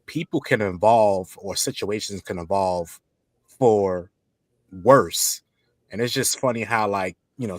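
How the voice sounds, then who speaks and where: Halting, low-voiced man. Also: no room sound. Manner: halting, many restarts and fillers. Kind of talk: casual podcast chat.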